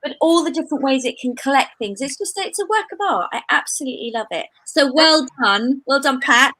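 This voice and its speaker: Enthusiastic high bright woman, dry sound. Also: expressive, brisk, no room sound, rough recording. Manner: enthusiastic, laughing. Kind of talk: live-stream chat.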